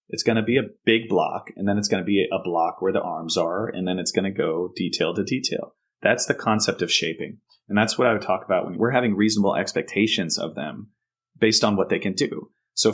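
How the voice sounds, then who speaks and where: A man with a fairly low-pitched voice, speaking as a counselor in an interview. He explains in a steady, conversational way and often drops into sample lines he would say to a child. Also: slightly rough. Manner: explanatory, acts out example phrases to kids.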